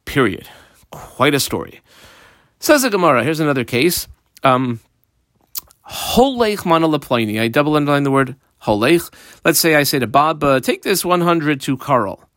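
Lively man teaching Talmud, dry sound. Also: a little high, moderate pace, long pauses, no room sound. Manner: lively and playful, acts out the characters with modern examples. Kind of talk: explaining a Talmud page line by line.

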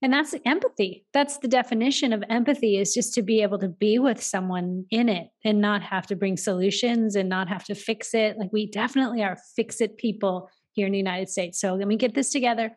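Affirming woman interview host. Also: medium pitch. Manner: warmly affirming, quick to agree. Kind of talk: conversational interview.

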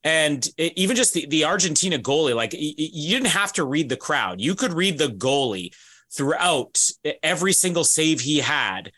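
A male podcast co-host talking casually and rambling, with frequent restarts and fillers. His voice is bright and sits a little high. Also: very animated, moderate pace. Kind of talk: casual chat.

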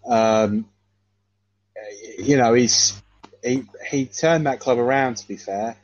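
A man in casual football chat, hesitant and measured, often repeating himself. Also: medium pitch, sing-song, creaky. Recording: dull dry lo-fi sound.

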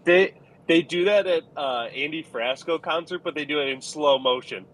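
A man's voice: a little high, normal speed, a bit bright, slight background noise, rough recording. A man chatting casually and easily, with some hesitation and fillers. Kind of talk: casual chat.

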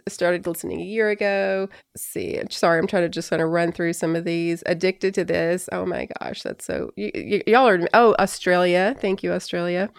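A woman's voice: fairly low pitch, vocal fry, smooth, no room sound. Chatty woman podcast host, dry mic. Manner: chatty, restarts often, laughs easily. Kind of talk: casual chat.

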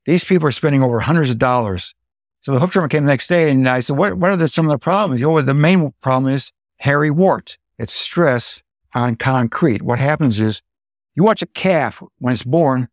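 A middle-aged American man and dairy farmer, telling farm stories in a lively way, acting out what people said and making sound effects. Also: mid-range voice, dry recording, studio quality. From United States. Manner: animated storyteller, acts out quotes and sound effects. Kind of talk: anecdotal storytelling.

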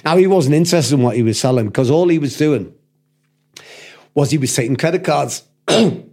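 Animated and brisk, this older man from Liverpool, England, spins a long, profanity-laced yarn as a podcast guest. His voice runs on the high side and a little mellow, and he performs the quoted voices in casual conversation.

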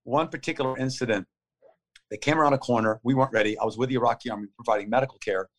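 A man in his fifties being interviewed, telling a story in urgent, clipped phrases that come out in a fast play-by-play. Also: mid-range voice. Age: 50s. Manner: vivid, urgent play-by-play retelling of combat. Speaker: interview guest. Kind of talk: conversational storytelling.

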